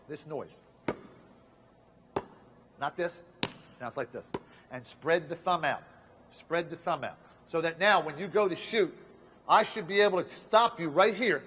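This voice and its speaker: This coach has a high-pitched, fairly bright, slightly rough voice. He walks basketball players through a shooting demo on an indoor court, barking short commands over and over amid long gym reverb.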